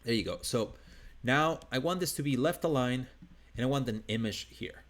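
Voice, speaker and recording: A man's voice: mid-range voice, normal speed. Casual accented man teaching design live. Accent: non-native English. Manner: casual, upbeat, thinking aloud with restarts. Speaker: design instructor. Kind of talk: live screen-share design tutorial.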